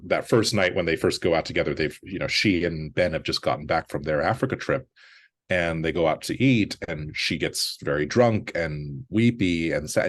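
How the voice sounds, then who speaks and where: A man who is a guest film critic, talking through a movie in thoughtful conversational analysis, restarting sentences often. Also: low-pitched. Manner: thoughtful, many restarts, quotes characters in a lighter voice.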